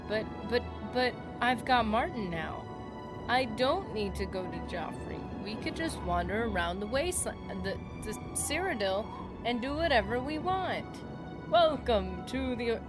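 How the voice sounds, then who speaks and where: A woman's voice: a little high, animated, normal speed. A woman streaming a game, chatting and laughing with her viewers as she plays. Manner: chatty, giggly, talks to chat. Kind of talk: casual gameplay commentary. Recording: game music behind.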